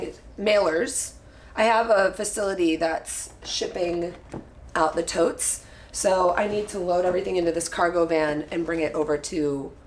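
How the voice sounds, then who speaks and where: A woman's voice: lowish voice, reverberant, slight background noise. Chatty young woman thinking aloud. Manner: rambling and thinking aloud, many fillers. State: out of breath. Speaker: vlogger. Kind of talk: casual home vlog chat. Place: indoors at home.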